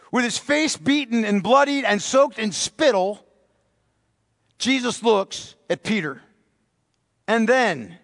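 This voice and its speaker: A man's voice: sits high, fairly bright tone. A man preaching a sermon as pastor, impassioned and repetitive, often addressing the congregation as beloved. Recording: long hall reverb.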